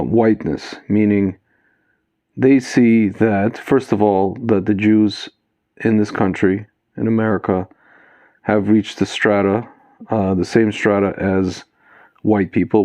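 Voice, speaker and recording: A man talking casually to camera in a lowish voice, addressing his viewers as "guys". He fills pauses with "uh" and "um" and drifts between points in a loose, digressive way. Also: mellow, no room sound. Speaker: video commentator. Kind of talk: casual spoken commentary to camera.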